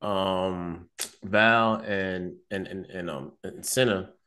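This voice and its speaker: A man's voice: sits low, fairly even intonation, slow, bright, forceful tone. A man co-hosting a casual recap podcast, laid-back and slangy, laughing along with his co-host.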